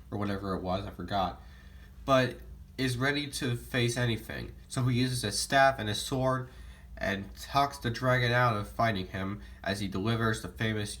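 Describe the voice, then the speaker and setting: Rambling, excitable young man talking movies. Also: medium pitch. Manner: enthusiastic, rambling, self-corrects often. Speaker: movie vlogger. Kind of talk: casual movie talk to camera.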